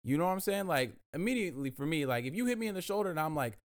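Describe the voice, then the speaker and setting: A man joins a casual podcast chat, rattling his points off quickly with lots of restarts. His voice is smooth and clear, pitched a touch high. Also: expressive. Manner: fast, hesitant restarts, profane.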